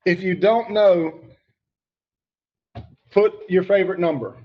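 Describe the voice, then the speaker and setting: A man's voice: high-pitched, takes it slowly, muffled recording. A man teaching grammar to students online, emphatic and repeating key points, calling on students by name.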